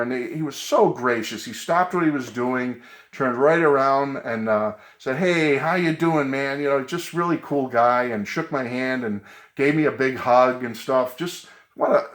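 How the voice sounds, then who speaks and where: A man's voice: mid-range voice, moderate pace, echoey room. A middle-aged man talking casually and earnestly to his viewers from his music room at home. He rambles a little, with frequent ums and uhs. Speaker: vlogger. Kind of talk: casual tribute vlog.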